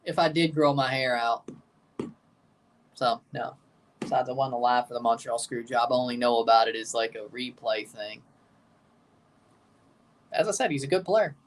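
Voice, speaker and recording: A man's voice: mid-range voice, moderate pace, pauses often, a little hiss or hum. A young man giving rambling, jokey live commentary while watching a match and chatting to his viewers. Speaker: watchalong streamer.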